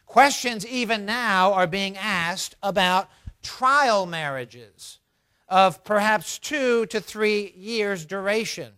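A man preaching a sermon as pastor, telling a story in a measured, earnest way. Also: sits high, pushed and bright, smooth, no echo.

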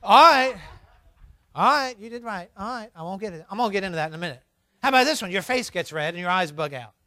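A middle-aged man giving a humorous sermon on parenting, animated and acting out scolding parents for laughs. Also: high voice, fast, no echo.

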